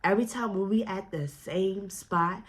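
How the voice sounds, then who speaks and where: A young woman, retelling a story in a casual, animated, profane and slangy way, acting out other people's lines. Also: medium pitch, normal speed.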